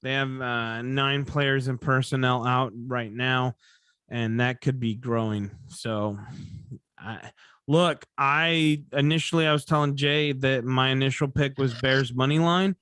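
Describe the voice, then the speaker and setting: A podcast host with a medium-pitched, clear, resonant and fairly bright voice runs a casual sports betting show, speaking a little slowly in a steady tone. He sounds sleepy and yawns, rambling and correcting himself as he goes. The recording is dry and studio-clean.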